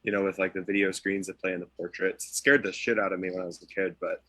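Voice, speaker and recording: A man's voice: low-pitched, little pitch movement, fast, pushed and bright, dry recording. A young man chatting casually, telling a long anecdote packed with "like" and "uh". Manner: filler-heavy storytelling.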